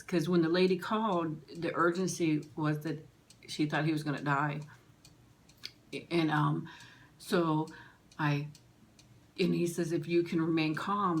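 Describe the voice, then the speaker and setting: Low, flat-voiced woman telling a story. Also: slight background noise. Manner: emotional, halting, with pauses and restarts. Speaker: vlogger. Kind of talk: personal storytelling.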